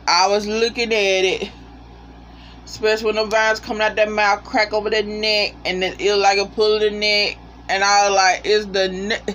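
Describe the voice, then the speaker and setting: A TV reviewer giving a casual spoken episode review, animated and profane, talking straight to the viewers. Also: medium pitch, slight background noise.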